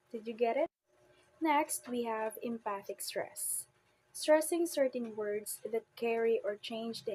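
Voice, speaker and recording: A woman's voice: on the high side, a little mellow, slight background noise. A young woman giving a student report presentation, explaining carefully and stressing her example words. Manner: slow, deliberate explanation with emphatic example words.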